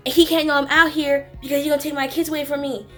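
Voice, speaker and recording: A woman mimicking a distressed woman in a low-budget film, in a mock-dramatic, overacted way. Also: little pitch movement, racing, a bit bright, faint music behind. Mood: mock-tearful. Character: distressed woman telling of her abusive husband.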